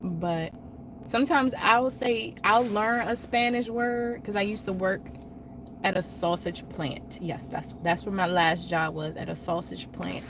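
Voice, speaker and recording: Slow-talking chatty woman on a livestream. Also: medium pitch, noisy background. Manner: chatty, animated storytelling with quoted voices. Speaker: livestream host. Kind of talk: casual livestream chat with viewers.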